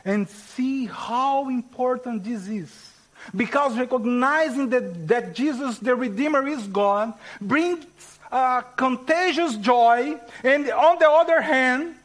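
Portuguese-accented male preacher, high-pitched, deliberate and slow, stresses key words. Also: animated, a bit bright, rough recording. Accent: Brazilian Portuguese. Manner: slow, emphatic teaching with rising stresses. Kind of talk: sermon.

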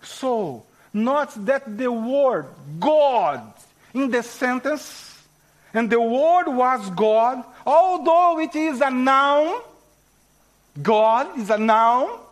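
A man with a Portuguese accent, a native Portuguese speaker, preaching a sermon in slow, emphatic teaching style. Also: very high voice, expressive, low-quality recording. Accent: Brazilian Portuguese.

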